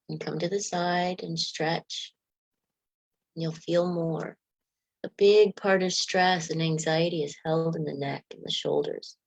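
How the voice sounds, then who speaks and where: Woman meditation guide, lower voice, dry close sound, soft unhurried coaching. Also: no echo, rough recording. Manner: leads yawning and stretching exercises.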